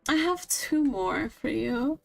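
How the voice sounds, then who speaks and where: A woman's voice: sits high, lively intonation, slow, creaky, over music, poor audio. A woman co-hosting an improv stream, chatting casually and giggling now and then. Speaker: improv co-host. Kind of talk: casual chat.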